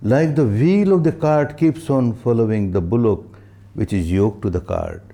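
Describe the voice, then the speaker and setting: An older man giving a meditation teacher's dharma talk, slow and emphatic, repeating phrases for stress and chanting verses. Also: mid-range voice, dark tone.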